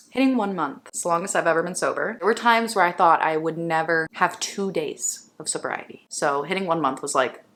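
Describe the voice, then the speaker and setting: A woman's voice: on the low side, fairly bright tone. A young woman talking frankly to her viewers in a casual vlog, reading out their questions and answering with plain, unpolished words and the odd swear. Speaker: vlogger. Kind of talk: candid talking-to-camera vlog.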